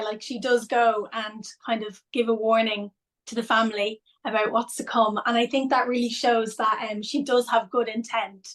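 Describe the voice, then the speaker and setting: A woman, an actress guest, chatting in an interview, a little hesitant with fillers. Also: fairly high pitch. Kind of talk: casual interview chat.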